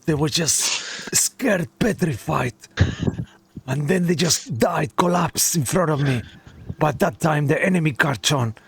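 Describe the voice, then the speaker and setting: A wounded middle-aged army captain, gravelly and husky, speaking with a Russian accent, as a man puts him on for a tabletop game. He sounds shaken and desperate, his voice pitched up above the performer's usual tone. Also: animated, measured pace, heavily acted. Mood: bewildered.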